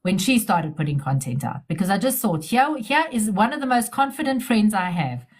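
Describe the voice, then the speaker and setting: A woman's voice: medium pitch, big pitch swings, moderate pace. A middle-aged businesswoman, telling stories in a casual interview, chatty and repeating herself as she restarts sentences.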